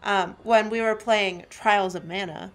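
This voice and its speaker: Woman co-host, casual let's-play chat, rambling and giggly, loose swearing, mid-pitched everyday voice. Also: steady tone, unhurried, slight background noise.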